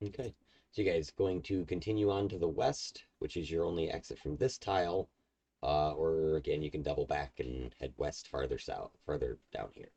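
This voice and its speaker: Man game master with a very low voice, loose rambling narration. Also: moderate pace, creaky, warm tone, husky. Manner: loose, rambling, many fillers and restarts.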